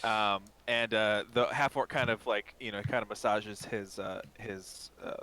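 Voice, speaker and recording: Bright-voiced man running a tabletop game. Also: fairly low pitch, steady tone, unhurried. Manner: rambling, heavy on fillers. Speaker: game master.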